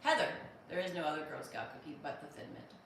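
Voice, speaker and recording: Reading comments on her casual livestream, this thirty-something American host jokes wryly and thanks viewers by name. She talks quickly in a low, sing-song voice. The mic is far off, picking up roomy echo and a noisy background.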